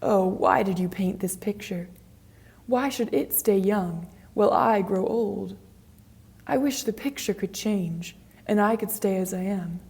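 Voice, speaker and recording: A woman's voice: medium pitch, a little slow, a little mellow, close to an everyday voice. A woman reading the lines of a vain young man afraid of growing old, in a graded reader audiobook. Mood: pleading. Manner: pleading, emotional outbursts.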